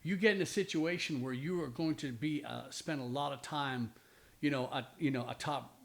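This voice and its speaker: A man's voice: a little high, moderate pace, gravelly, a bit bright. A man chatting on a podcast, rambling and restarting his sentences, with casual swearing. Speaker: podcast host, bandmate. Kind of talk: casual chat.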